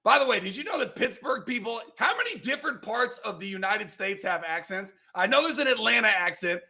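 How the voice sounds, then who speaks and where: Loud, gravelly, high-pitched man host. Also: lively intonation, a little fast. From California. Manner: loud, emphatic, argumentative. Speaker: podcast host. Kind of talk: casual sports banter.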